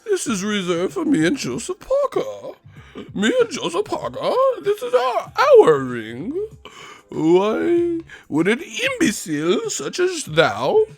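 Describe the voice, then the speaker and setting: A man mocking a snooty rich heavyweight boxer in a pompous, drawn-out voice. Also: huge pitch swings, vocal fry, no echo, soft background music, full character voice. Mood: indignant. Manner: pompous, drawn-out, shrill outbursts. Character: snooty rich British heavyweight, haughty, scornful.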